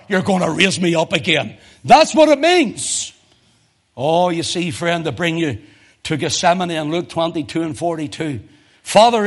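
A male preacher delivering a fervent sermon, swinging from loud emotional crescendos to low, intense tones.

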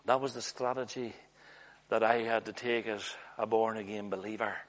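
A man preaching a sermon in an earnest, storytelling way, often letting his voice drop low and hushed. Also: steady tone, moderate pace.

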